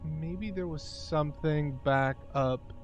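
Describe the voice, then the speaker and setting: A man streaming a mystery game, commenting in a hesitant, joking way. He talks very slowly in a slightly high voice. Faint music plays behind him. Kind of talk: casual gaming commentary.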